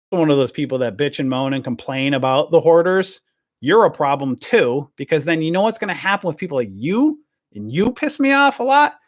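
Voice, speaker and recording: A man hosting a stock trading channel, ranting to camera in a blunt, rambling way and swearing freely. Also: mid-range voice.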